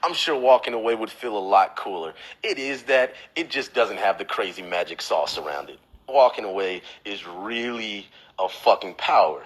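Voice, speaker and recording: A man on a livestream giving blunt, profane advice, lecturing the viewer and mocking others in a whiny high voice. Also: expressive, moderate pace, hardly any pauses, fairly bright tone, rough recording. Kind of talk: instagram live rant. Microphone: phone.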